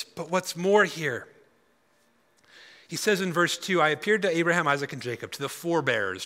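A man giving a sermon as a guest speaker at a conference, reading scripture aloud with emphatic pauses. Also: mid-range voice, bright, forceful tone, in a large hall. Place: conference hall.

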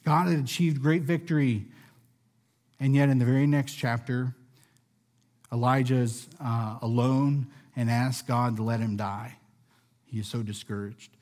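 A man preaching a sermon in a room with listeners, earnest and measured, often dropping softly at the ends of phrases. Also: medium pitch, steady tone. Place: room with a gathered audience.

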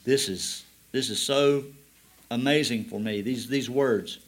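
Man preaching, slow emphatic scripture reading. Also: mid-range voice. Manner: reads scripture slowly, then explains with rising emphasis. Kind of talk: sermon.

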